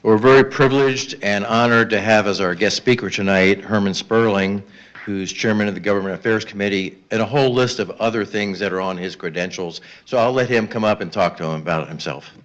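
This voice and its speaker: Man, meeting host, low voice, formal intro, distant muffled sound. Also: a little fast, fairly bright tone.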